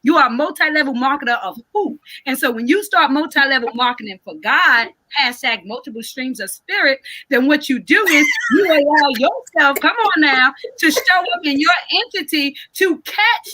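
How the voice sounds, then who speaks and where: A woman's voice: sits high, expressive, normal speed, hardly any pauses, sharp tone, a little hiss or hum. A woman talking in a preaching, sermon-like cadence during a casual podcast chat, emphatic and informal.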